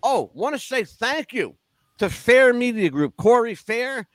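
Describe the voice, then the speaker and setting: A man's voice: extremely high pitch, sing-song, unhurried, fairly bright tone, no room sound. A man hosting a podcast, reeling off plugs in a joking way with crude asides. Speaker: podcast host. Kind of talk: casual podcast chat.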